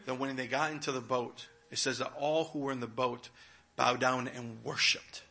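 Bright-voiced male preacher telling a story. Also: medium pitch, steady tone, moderate pace, vocal fry. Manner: storytelling, dramatic swings between hushed and loud. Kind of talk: sermon. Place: church.

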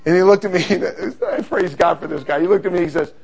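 A middle-aged man preaching a sermon, telling stories in an animated, humorous way. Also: sits high, a little fast, creaky, slightly rough, dull audio.

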